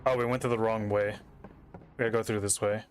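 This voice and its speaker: A man's voice: fairly low pitch, level tone, brisk, soft background music. A young man streaming a game from home, thinking aloud in casual, rambling commentary as he reads puzzle text on screen.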